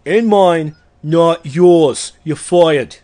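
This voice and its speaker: A man's voice: a little high, extremely slow, mellow. A man doing a blustering tycoon impression. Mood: pompous.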